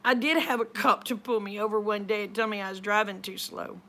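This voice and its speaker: A woman's voice: mid-range voice, steady tone, fairly quick, fairly bright tone, a little hiss or hum. A middle-aged woman, retelling a conversation in a chatty, rambling way. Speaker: vlogger. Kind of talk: casual storytelling.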